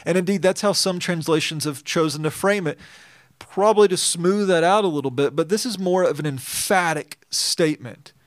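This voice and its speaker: Earnest man preaching, slightly high voice. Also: moderate pace, no echo, studio quality. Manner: earnest, emphatic, reads scripture then explains it. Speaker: pastor. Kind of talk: expository sermon.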